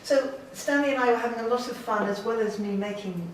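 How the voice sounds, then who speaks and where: A woman's voice: on the high side, fairly quick, far from the mic, a little hiss or hum. A woman artist giving an informal, enthusiastic gallery talk to an audience, chatty and self-deprecating. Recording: very echoey room, voice from afar.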